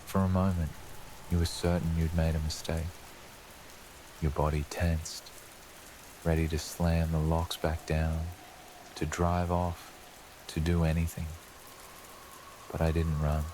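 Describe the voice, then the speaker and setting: A male narrator with an extremely deep voice tells a bedtime horror story in a slow, ominous drawl. His delivery stays flat and even, and soft rain patters faintly behind him. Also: slight background noise. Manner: slow, ominous second-person telling as a lurking presence. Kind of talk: scripted horror narration for sleep.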